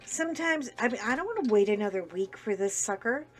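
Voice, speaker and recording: A woman's voice: a little high, animated, brisk. A woman vlogger chatting casually to viewers while she works on a craft project, rambling along with self-deprecating humor.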